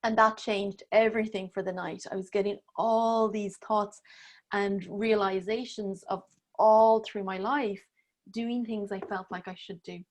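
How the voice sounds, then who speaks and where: A woman's voice: mid-range voice, fairly even intonation, unhurried. A woman in her thirties, a podcast guest, telling a personal story in casual interview talk, acting out her own inner voices with laughs and the odd swear. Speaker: podcast guest, breathwork teacher.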